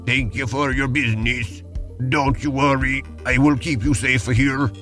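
A man's voice: mid-range voice, steady tone, measured pace, fairly bright tone, faint music behind, lightly acted. A man voicing a pushy male robot pizzeria owner with a fake Italian robot accent, ending lines with "beep". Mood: friendly.

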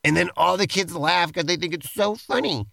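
Guy co-hosting comedy banter, bit high and gravelly, teasing, playfully pushy. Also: normal speed, sharp tone, no room sound. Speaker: co-host. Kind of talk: comedic improvised role-play banter.

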